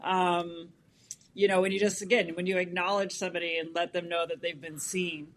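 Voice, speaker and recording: A podcast co-host talking earnestly and gently in a casual chat. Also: mid-range voice, level tone, a little fast, a little hiss or hum.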